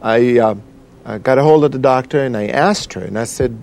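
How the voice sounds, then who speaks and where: Man telling a halting testimony. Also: medium pitch, gravelly, darkish tone. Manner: halting, emotional storytelling with many fillers. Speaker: guest. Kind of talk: personal testimony.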